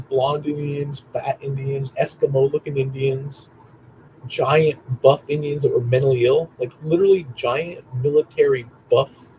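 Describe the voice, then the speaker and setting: A young man telling stories in a rambling, excitable monologue, repeating himself and swearing often. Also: medium pitch, slight background noise, poor audio. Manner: excitable, profane, repetitive storytelling. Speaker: vlogger.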